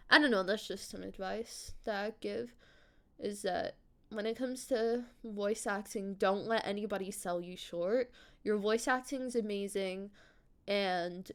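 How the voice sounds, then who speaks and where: An animated woman streamer chatting casually with her viewers, laughing often and swearing freely. She talks in a raised character voice at a mid pitch for a woman. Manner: puts on a higher character voice. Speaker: streamer and voice actor.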